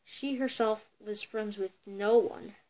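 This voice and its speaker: A woman's voice: mid-range voice, fairly even intonation, slow pace, darkish tone, rough recording. A girl telling a folk tale for a home video, reading with many stumbles and self-corrections. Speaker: storyteller.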